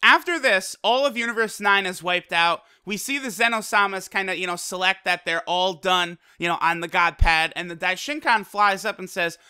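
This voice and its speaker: A man gives a casual video review in an unusually bright, sharp voice that sits high for a man. He talks in an animated, slangy way, swears freely and packs his sentences with fillers. His tone stays clear and smooth throughout. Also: normal speed, few pauses. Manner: frequent fillers like "like" and "you know". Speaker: anime episode reviewer.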